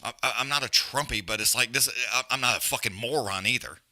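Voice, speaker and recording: Blunt profane man with a bright voice. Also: mid-range voice, quick pace. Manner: profane, blunt, rambling, repeats himself. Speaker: fight companion stream host. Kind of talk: profane casual rant and live fight commentary.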